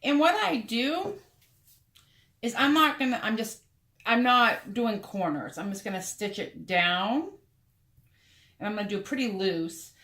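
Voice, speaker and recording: A woman's voice: a little high, lively intonation, unhurried, pauses often, fairly bright tone. A woman talking through a sewing and painting craft tutorial in a casual, chatty way, speaking straight to the viewer as she works. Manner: chatty, talks to the viewer while working. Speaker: craft vlogger.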